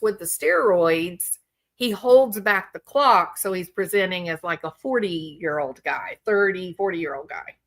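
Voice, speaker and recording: Woman, true crime commentator, casual chat, rambling, self-correcting, slow pace, bright tone. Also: mid-range voice.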